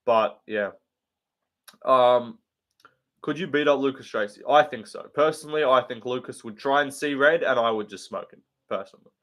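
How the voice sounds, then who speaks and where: A man hosts a casual live stream and answers viewer questions. He talks bluntly and swears often. His delivery rambles, with plenty of ums and likes, at an ordinary mid-range pitch. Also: a bit bright. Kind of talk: casual livestream chat.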